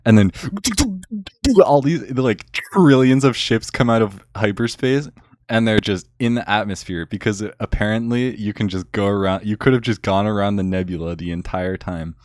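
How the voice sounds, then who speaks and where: Sarcastic rambling low-voiced young man. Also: fairly even intonation, moderate pace, darkish tone, no room sound, studio quality. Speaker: vlogger. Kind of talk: casual rant recapping a film.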